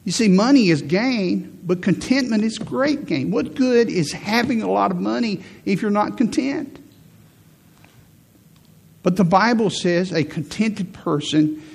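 A man's voice: high voice, vocal fry, darkish tone. A middle-aged man preaching a sermon as pastor, emphatic, repeating key phrases and lifting his voice to stress a point.

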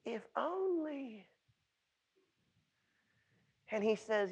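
Slow, high-voiced dramatic male preacher. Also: animated. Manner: dramatic swings from shouting to hushed whisper; drawn-out, emphatic delivery to the congregation. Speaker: pastor. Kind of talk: sermon.

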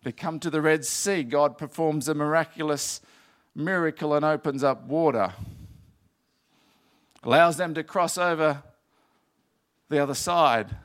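A man preaching with earnest conviction, circling back on his words and building to emphatic stretches. His voice sits a little higher than most men's. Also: measured pace, long pauses, a bit bright. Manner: earnest, repetitive, rising to emphatic passages. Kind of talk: sermon.

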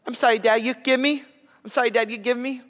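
Man doing a teary, whiny little girl, four years old, in a high voice, heard in an echoey hall. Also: steady tone, fast, fairly bright tone. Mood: pleading. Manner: pleading, tearful little-kid talk.

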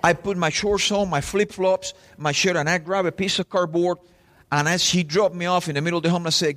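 A man's voice: sits high, fairly quick. A man, a pastor preaching a sermon in church and telling stories straight to the congregation. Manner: animated storytelling preacher, addresses crowd directly.

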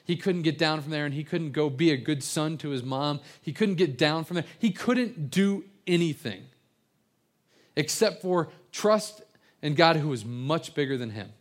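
A man's voice: on the high side, lively intonation, normal speed. A man preaching an evening sermon, telling stories earnestly with frequent stammered restarts and repeated words. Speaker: pastor.

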